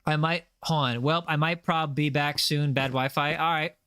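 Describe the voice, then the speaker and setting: A man's voice: a little high, fairly even intonation, moderate pace, pushed and bright, clear, resonant tone, dry recording, studio quality. A man chatting casually on a gaming livestream, rambling with lots of fillers and playful boasts. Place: home setup, lives in Los Angeles.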